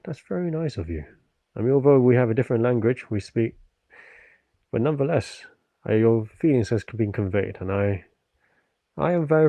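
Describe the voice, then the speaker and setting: A man's voice: mid-range voice, creaky, warm tone, no room sound. A man from the UK chatting on his livestream, answering viewers politely and earnestly after a stretching session. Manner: polite and earnest, often thankful; talks while stretching and working out.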